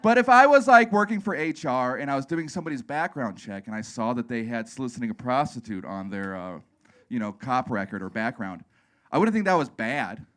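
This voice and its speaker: A man's voice: medium pitch, big pitch swings, fairly quick, a bit bright. A man in his thirties from Wisconsin doing a live stand-up set on a comedy club stage into a handheld mic. He is self-deprecating and crude, and he acts out the voices of other people.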